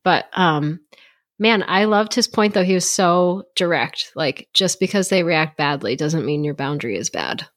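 A woman's voice: on the low side, expressive, normal speed. A woman co-hosting a podcast in casual chat, with dry teasing humor. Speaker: podcast co-host.

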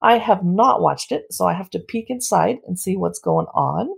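Playful woman from san diego, bit of vocal fry, casual cookbook chat. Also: lowish voice, animated. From San Diego, United States. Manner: playful, teasing, brisk. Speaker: co-host reviewing cookbooks.

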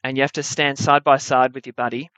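A young man spins a true adventure yarn for a live audience, wry and animated, landing his jokes with easy timing. His voice sits at a middle pitch. The recording is a little muffled and dry, with no room echo. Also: quick pace. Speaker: storyteller. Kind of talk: live story-slam storytelling.

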